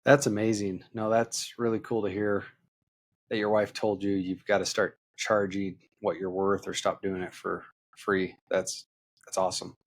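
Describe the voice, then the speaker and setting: Low, flat-voiced male podcast host. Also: normal speed. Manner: encouraging responses. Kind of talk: interview hosting.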